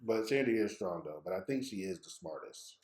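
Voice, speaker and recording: A man co-hosting a podcast in relaxed, slangy casual chat, laughing often. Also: low-pitched, fairly quick. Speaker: podcast co-host. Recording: roomy echo.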